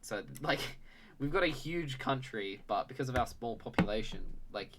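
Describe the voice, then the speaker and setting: A man's voice: medium pitch, expressive, normal speed, background noise. A young man with a mild Australian accent, chatting casually and laid-back as co-host of a show, often chuckling. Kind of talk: casual chat.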